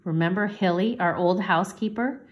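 A woman teacher reading a chapter book aloud to children, gently, lifting her voice for the children's lines. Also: mid-range voice, moderate pace. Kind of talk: storybook read-aloud.

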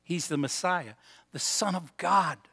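A man preaching a sermon as pastor, telling stories and slowing down for emphasis in a church sanctuary. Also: on the high side, vocal fry, pushed and bright, slightly rough. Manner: storytelling, slows for emphasis. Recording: long hall reverb.

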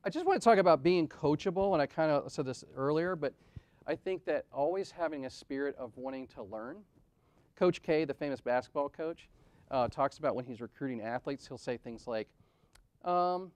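Middle-aged male conference speaker, heartfelt storyteller, punchy rhetorical questions, shifts from booming to hushed. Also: fairly quick, no echo. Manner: animated, rhetorical questions, swings from loud to soft. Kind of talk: personal storytelling talk.

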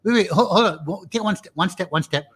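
A man hosting an online video interview, talking in a hesitant, halting way full of fillers. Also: high-pitched, a bit bright, slightly rough. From Malaysia. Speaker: host.

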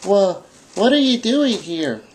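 A woman's voice: mid-range voice, sing-song, slow pace, darkish tone, slight background noise. Woman doing a quivering little man. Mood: scared. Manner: quivering, stammering. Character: nervous short little old man.

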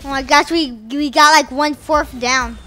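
Bright, high-voiced excitable gamer woman. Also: a little slow, a little hiss or hum. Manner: excitable, chants sound effects and repeated phrases. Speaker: gaming video host. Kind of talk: live gameplay commentary.

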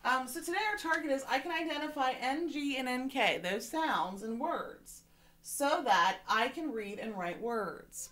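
Woman teacher, slightly high voice, patient and encouraging, walking children through a reading lesson online. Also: lively intonation, unhurried, a bit bright. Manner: encouraging, patient, repeats "okay?" to check in.

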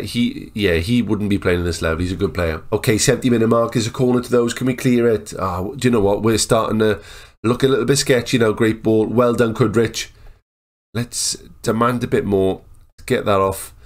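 A man giving casual, excitable commentary over a football management game, chatting and joking as the match plays. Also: lowish voice, normal speed. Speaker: gaming YouTuber. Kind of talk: casual Let's Play commentary.

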